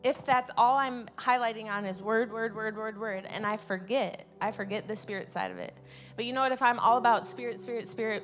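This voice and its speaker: A woman preaching an informal sermon at a church service, earnest and repeating her key words, swelling louder on her main points. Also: a little high, fairly even intonation, moderate pace, faint music behind.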